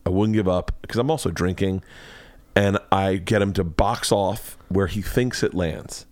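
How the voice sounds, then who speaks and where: Speaking at a measured pace in a low voice, this man hosts a podcast from his home studio, a man cave with no room sound. His storytelling is big and animated: loud, excitable, full of acted-out quotes and plenty of swearing.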